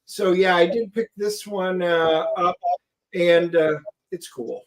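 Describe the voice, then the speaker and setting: A man with a notably high speaking voice co-hosts a relaxed chat, ribbing his partner and joking along. He rambles and restarts his sentences as he goes. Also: slow. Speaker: co-host. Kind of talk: casual chat.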